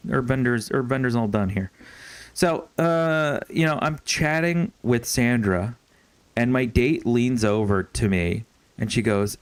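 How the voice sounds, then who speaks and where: A young man with a medium-pitched voice, recorded without room sound, tells a long story while streaming a game. He rambles and swears casually, with plenty of fillers and restarts.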